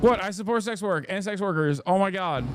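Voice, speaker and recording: A man in his thirties reacting to clips as a streamer, talking casually and shouting in mock outrage. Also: sits high, a little fast, noisy background.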